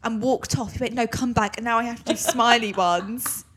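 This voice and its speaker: A woman's voice: a little high, brisk, a little hiss or hum. A young woman co-hosting a podcast, telling a story and acting out quotes in casual chat. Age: young adult. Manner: animated storyteller, acts out quotes. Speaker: podcast co-host.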